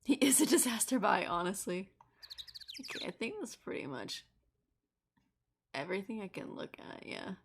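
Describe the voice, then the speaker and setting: A woman's voice: mid-range voice, sing-song, normal speed, gravelly, pauses often, background noise. A young woman streaming a game, making crude, swearing, joking asides between the dialogue. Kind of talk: casual gameplay commentary. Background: game music.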